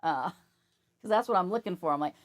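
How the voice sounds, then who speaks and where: A woman's voice: fairly low pitch, lively intonation, moderate pace. A woman working as a psychic medium, chatting casually on a podcast, laughing often and acting out quoted voices.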